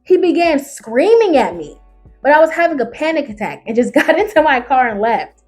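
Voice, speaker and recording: A woman who reads online stories aloud as a YouTuber. She reacts with sass and loud outbursts, and calls her listeners baby and honey. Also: high-pitched, sing-song, normal speed, soft background music. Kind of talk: animated reaction reading.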